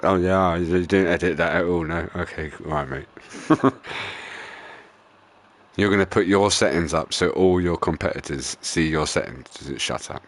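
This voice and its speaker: A man's voice: sits low, normal speed. A young man swearing, laughing and ranting in casual live-stream commentary while racing. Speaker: gaming streamer.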